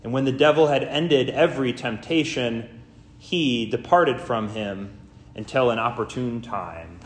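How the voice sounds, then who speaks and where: A man as pastor, reading scripture and preaching a sermon in a church, slow, deliberate and earnest. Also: mid-range voice. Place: church sanctuary. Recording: echoey church room.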